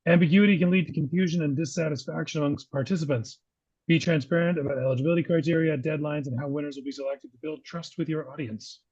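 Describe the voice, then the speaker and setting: A man's voice: on the high side, fairly even intonation, fast talker, a little mellow, breathy edge, no room sound, lo-fi sound. A man co-hosting a casual business talk show, reading points from notes and then asking his partner questions. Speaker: podcast co-host.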